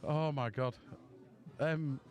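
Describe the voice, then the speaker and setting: Bloke a bit drunk, rambling chatty pool commentary, mid-pitched voice. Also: male voice, fairly even intonation, slow pace. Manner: chatty, rambling, self-mocking. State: tipsy. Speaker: stream commentator.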